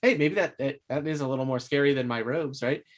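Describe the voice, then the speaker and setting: A man playing a tabletop game, halting and hesitant, describing his character's moves. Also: mid-range voice. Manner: halting, hesitant, self-amused. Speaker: player. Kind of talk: casual tabletop play.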